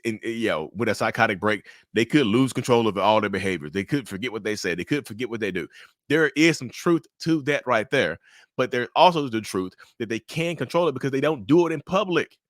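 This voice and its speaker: A man giving blunt, animated commentary to camera about relationships. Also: medium pitch, dry recording, clean studio sound.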